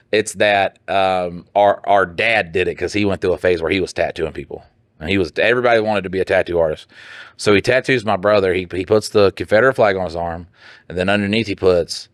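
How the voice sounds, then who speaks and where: A man co-hosting a podcast, reading listener posts aloud and riffing on them with profane, animated jokes. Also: dry recording, clean studio sound. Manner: animated, joking, breaks into laughter, jumps up in pitch for mock voices. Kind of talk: casual profane banter.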